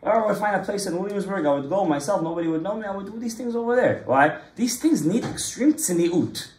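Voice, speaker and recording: A man's voice: high voice, brisk, reverberant, slight background noise. A man teaching an informal Torah class to a small group, telling stories and mixing in Hebrew and Kabbalah terms. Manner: lively storytelling, mixes in Hebrew and Kabbalah terms.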